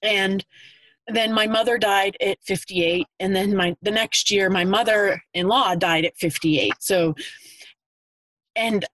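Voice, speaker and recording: A woman's voice: mid-range voice, fairly even intonation, fairly bright tone, no room sound, low-quality recording. A woman in her fifties from Pennsylvania, tearfully and earnestly sharing her story as a caller on a video call. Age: 50s. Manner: earnest, halting. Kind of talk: emotional personal testimony.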